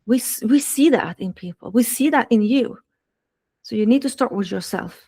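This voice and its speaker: A woman's voice: on the high side, lively intonation, moderate pace, dark tone, slightly rough. A woman relationship coach delivers a podcast monologue straight to the listener. She is earnest and repeats her key points for weight. Her English grammar is a little non-standard.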